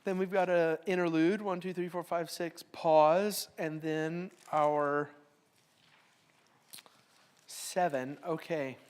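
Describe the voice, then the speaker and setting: A woman's voice: deep voice, steady tone, slow pace, long pauses, darkish tone, clear, resonant tone. Middle-aged woman teaching a Bible class. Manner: reads verses aloud with strong emphasis, then explains in a casual, joking way. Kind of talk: Bible study lesson.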